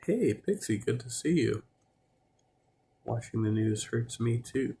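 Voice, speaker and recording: A man's voice: mid-range voice, lively intonation, measured pace, gravelly, warm tone, slightly rough. A man hosting a livestream, chatting loosely about news clips with fillers and the odd swear. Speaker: livestream host reacting to clips. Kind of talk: casual commentary.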